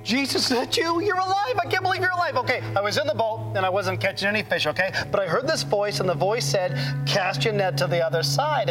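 An overjoyed apostle fisherman, gushing and breathless, his voice climbing high above his usual talk. Heard in a church video with music playing clearly underneath. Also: poor audio. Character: excited adult male apostle fisherman, overjoyed.

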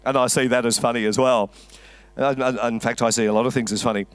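A man's voice: medium pitch, steady tone, quick pace, clear, resonant tone, no echo. A man preaching a sermon, telling a story with a wry, conversational humor. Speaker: pastor.

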